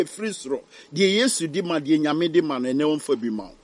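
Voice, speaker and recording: A man preaching a fiery sermon, swinging from hushed warnings to loud cries. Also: a little high, expressive, fairly quick, few pauses, dry recording.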